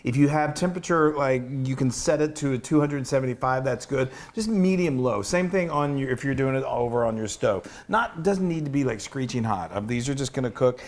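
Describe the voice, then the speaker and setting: A man's voice: mid-range voice, animated, brisk, hardly any pauses, a little mellow. Chatty man demonstrating cooking. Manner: chatty and enthusiastic, self-interrupting. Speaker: cooking show co-host.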